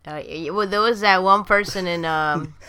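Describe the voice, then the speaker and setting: A woman co-hosting a casual podcast chat, teasing the others with crude quick quips. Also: on the low side, pushed and bright. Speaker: podcast co-host.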